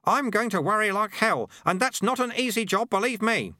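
A man voicing a brisk, wry old male sweeper who barks orders. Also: high voice, expressive, bright, forceful tone, no echo, studio quality, pitched above the performer's own voice. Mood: commanding wry. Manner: barking orders, sardonic.

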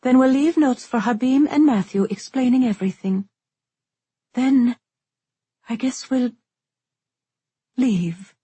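A woman voicing a calm, weary young woman who plans carefully, speaking in a measured, resigned way, in a storybook reading. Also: sits high, husky, no room sound, pitched above the performer's own voice, full character voice.

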